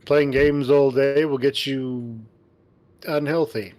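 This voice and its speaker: A man's voice: mid-range voice, fairly even intonation, slow, a little mellow, natural voice. A man voicing an upbeat young male furry friend who narrates in first person, encouraging and teasing, reading a visual novel aloud.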